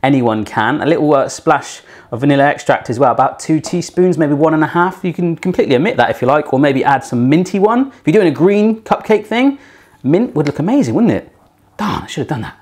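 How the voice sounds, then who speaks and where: A man's voice: on the high side, expressive, brisk, darkish tone. Chatty man hosting a baking tutorial. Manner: chatty and playful, cracking puns and jokes. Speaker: self-taught home baker hosting a cooking channel. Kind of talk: casual cooking tutorial. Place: home kitchen.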